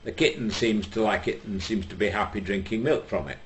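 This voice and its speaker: A man voicing an eccentric art connoisseur in a joke, smooth and coaxing. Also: lowish voice, fairly quick, close to an everyday voice. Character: eccentric male art connoisseur posing as a cat lover.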